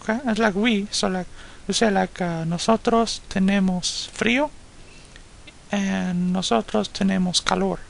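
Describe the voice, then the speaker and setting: A man's voice: high-pitched, fairly even intonation, a little slow, gravelly. A man taking part in a casual spoken lesson, working out his answers aloud in a hesitant way, with many fillers. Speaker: student on the lesson.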